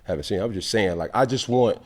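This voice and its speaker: A man's voice: on the low side, rapid-fire, darkish tone. A man hosting a casual sports podcast, talking emphatically and firing off rhetorical questions. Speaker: podcast host.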